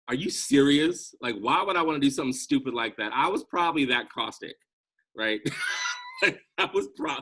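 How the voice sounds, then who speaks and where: A man's voice: medium pitch, bright, forceful tone. A man speaking earnestly as a guest on a video call, reflective and conversational, often checking in with "right?".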